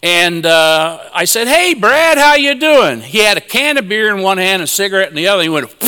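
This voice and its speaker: Folksy male preacher, high bright voice, warm anecdotes, hall echo. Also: moderate pace, clean tone. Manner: folksy, chuckling storyteller. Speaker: conference speaker. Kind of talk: sermon with personal anecdotes.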